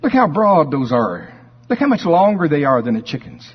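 A man's voice: on the high side, very animated, moderate pace, husky. A preacher voicing a patient, kind grown male duck who coaxes and teaches another duck. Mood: coaxing. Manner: coaxing, patient. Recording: dull sound with long hall reverb.

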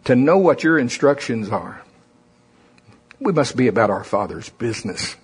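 A husky-voiced male pastor preaching with fervor. His delivery swings from quiet and low to loud and high, with many slowed, stressed phrases. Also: very animated. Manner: impassioned preaching, rising and falling dynamics. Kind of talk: sermon.

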